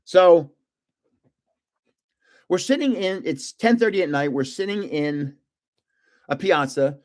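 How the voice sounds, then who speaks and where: An older man from New Jersey hosts a live stream, telling casual stories in a high, expressive, slightly mellow voice at a slow pace. He rambles, often restarting and drifting into trailing asides.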